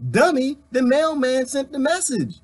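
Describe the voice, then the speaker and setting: A man's voice: extremely high pitch, measured pace. A man from the United States hosting a live stream, fired up and preachy as he talks straight to his viewers and reads their comments.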